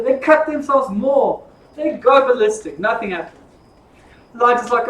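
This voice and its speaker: A man teaching an informal Bible study, telling the stories in a lively, jokey way. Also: very high-pitched, normal speed. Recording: echoey room from far off.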